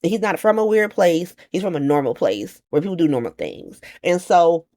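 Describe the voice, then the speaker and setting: A woman giving a casual, slangy comedic recap of a soap opera, acting out the characters in quick voices. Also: on the low side, very animated, a little mellow.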